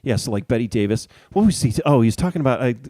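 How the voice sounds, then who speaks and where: A man's voice: medium pitch, animated, fast talker, dark tone, no room sound. A man co-hosting a podcast in casual chat, rambling and restarting as he searches for words. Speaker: podcast co-host.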